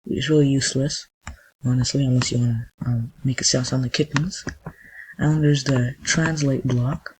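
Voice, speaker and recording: A man of ordinary pitch walks through a coding lesson in a loose, off-the-cuff way, breaking off and restarting sentences as he works. A light background hiss sits under his voice, along with the soft clatter of typing and mouse clicks. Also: steady tone, moderate pace, poor audio. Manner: thinks aloud while clicking, with frequent restarts. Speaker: coding tutorial host. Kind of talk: casual screen-recorded tutorial.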